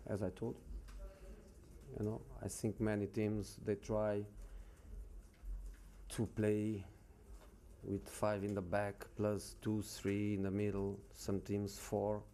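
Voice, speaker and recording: A man answering questions as a football manager at a press conference, speaking haltingly and repeating words with many pauses. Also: lowish voice, monotone, warm tone.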